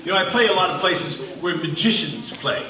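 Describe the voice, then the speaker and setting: A man's voice: high voice, lively intonation, brisk, vocal fry. A man doing a bubble show on a theater stage, teasing and joking with the audience in live comedy patter. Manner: playful teasing banter with the audience. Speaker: bubble performer. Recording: roomy, distant audience recording with crowd noise.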